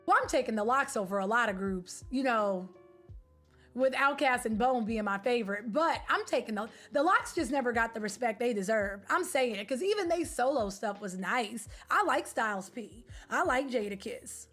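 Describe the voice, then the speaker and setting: A woman streamer chatting casually with her live viewers, animated, slangy and opinionated. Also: fairly high pitch, moderate pace, soft background music. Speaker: game streamer.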